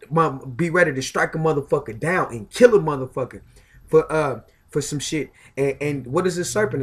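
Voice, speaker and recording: Man, slightly high voice, profane casual monologue, emphatic, repeats fillers, stammers. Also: fairly bright tone, breathy edge. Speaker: self-styled spiritual commentator.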